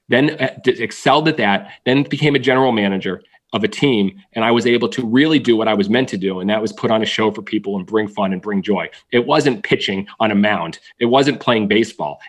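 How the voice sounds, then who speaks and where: A man in his thirties who tells personal stories as a guest in a conversation, animated and upbeat. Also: on the low side. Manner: energetic, animated storyteller. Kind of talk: storytelling interview.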